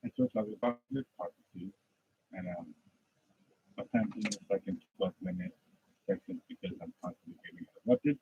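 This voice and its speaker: Gravelly man ranting like a preacher. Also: wildly swooping pitch, fairly quick, narrow, tinny audio. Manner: impassioned preachy rant, swings from loud to low muttering. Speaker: aspiring podcaster. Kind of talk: practice podcast monologue on faith.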